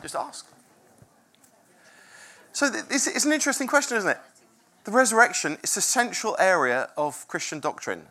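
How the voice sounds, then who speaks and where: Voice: medium pitch, animated, moderate pace, long pauses, pushed and bright. A preacher telling a story to a congregation in an informal sermon, chatty and self-interrupting, often laughing. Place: room with a congregation.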